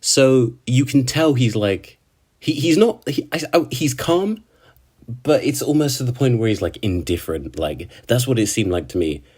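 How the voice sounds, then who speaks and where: A man's voice: mid-range voice, sing-song, normal speed, a little mellow, breathy edge. A man giving a casual, rambling recap of an anime episode, chatty and full of slang and restarts. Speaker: anime reviewer.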